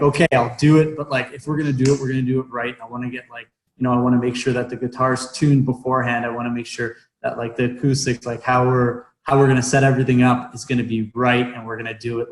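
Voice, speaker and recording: A man's voice: mid-range voice, reverberant, low-quality recording. A young man, a professional hockey player, chatting in an interview from home over a remote call, hesitant with many fillers and restarts. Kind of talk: casual interview chat.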